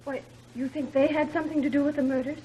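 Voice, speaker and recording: A woman's voice: high-pitched, steady tone, fast talker, warm tone, lightly acted, rough recording. An actress playing a timid, frightened young woman. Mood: fearful. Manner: timid, fearful. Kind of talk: 1930s film acting. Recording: old film soundtrack with faint noise.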